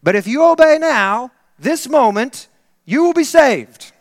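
A man's voice: extremely high pitch, expressive, unhurried, studio quality, voice pushed up. A man voicing a plain-spoken, fervent male lay preacher who pleads urgently and repeats his words. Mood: pleading. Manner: impassioned and emphatic, repeating words. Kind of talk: acted quote within a sermon. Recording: reverberant hall.

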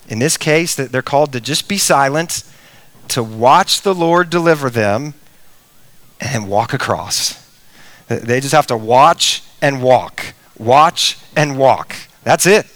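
A middle-aged man preaching a sermon, animated, with big swings in pitch and volume, sometimes speaking straight to the children. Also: no room sound. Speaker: pastor.

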